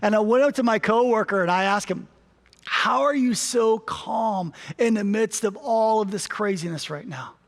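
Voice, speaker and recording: Guy pastor preaching, kinda high voice, big church reverb ringing behind him. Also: normal speed. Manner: storytelling, shifts from lively anecdote to earnest preaching. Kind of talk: sermon. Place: church sanctuary.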